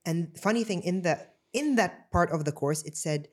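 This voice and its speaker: A woman co-hosting a podcast, telling a personal story in an animated, frank way and swearing freely. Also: fairly low pitch, normal speed, few pauses. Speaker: podcast co-host.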